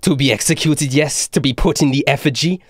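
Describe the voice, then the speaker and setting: A man voicing a frail old male nature priest with a French accent, halting and fearful. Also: fairly high pitch, no echo, studio quality. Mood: fanatical.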